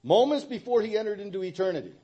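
Halting middle-aged man giving testimony. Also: high-pitched, sing-song, mellow, husky, lo-fi sound. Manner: halting, with frequent restarts and fillers. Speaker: testimony speaker at church. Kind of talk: personal testimony. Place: church.

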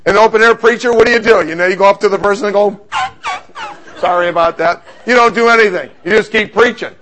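A middle-aged man preaching a sermon, telling stories in an animated, humorous way. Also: high-pitched, racing, slight background noise.

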